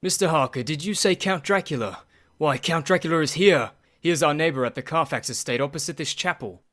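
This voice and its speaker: A man playing an earnest, anxious young gentleman. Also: a little high, fairly quick, dry recording, studio quality, close to an everyday voice. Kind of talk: radio play acting.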